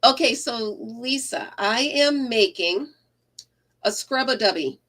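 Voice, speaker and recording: Woman, unhurried, rambling livestream crochet host who greets viewers by name. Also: on the high side, animated, a bit bright. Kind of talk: casual livestream chat while crocheting. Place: craft room at home.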